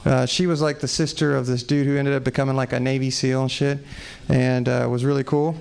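A man's voice: mid-range voice, level tone, fairly quick, creaky, darkish tone, smooth. A man in his forties from Texas doing rambling, profane, self-deprecating stand-up at an open mic in a small comedy venue. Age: 40s.

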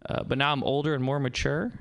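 A man doing a stand-up set, telling stories in a deadpan way. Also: mid-range voice, fast, gravelly, a little hiss or hum. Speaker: stand-up comedian.

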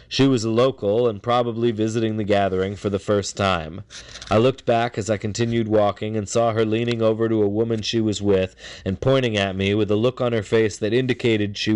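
A man slowly reading aloud his own first-person memoir. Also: fairly low pitch, a little mellow, clear, resonant tone, dry recording.

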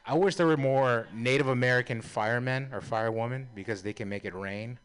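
A man's voice: medium pitch, normal speed, fairly bright tone. A man doing a stand-up comedy set, crude and self-deprecating, laughing at his own jokes. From San Francisco.

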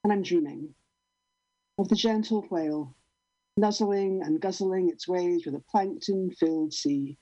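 A woman poet giving a deadpan, rhythmic poetry reading over a video call. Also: fairly low pitch, a little slow, no room sound. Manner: deadpan, rhythmic, repetitive delivery. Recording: dull lo-fi online call audio.

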